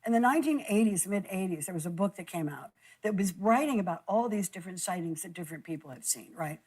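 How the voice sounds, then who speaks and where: A woman telling a personal story in a halting way, stumbling and repeating words, close to tears. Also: on the low side, expressive, a little mellow, breathy edge, low-quality recording. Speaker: guest recounting an experience.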